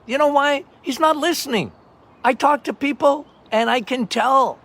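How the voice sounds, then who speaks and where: An older man hosting a health podcast as a doctor, talking loudly and passionately in a casual monologue. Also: very high voice, normal speed. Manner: loud, passionate, emphatic.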